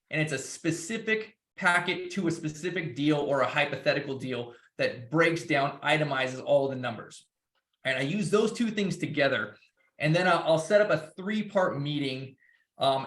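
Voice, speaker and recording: A man's voice: fairly high pitch, moderate pace, a bit bright. Rambling man in an echoey room. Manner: loose, rambling, with restarts. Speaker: guest speaker. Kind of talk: casual presentation.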